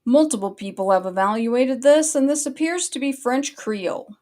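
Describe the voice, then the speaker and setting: A woman with a voice on the higher side runs her own commentary stream. She speaks casually and bluntly, and swears freely in a sustained annoyed rant. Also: moderate pace, a little mellow. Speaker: online commentary host.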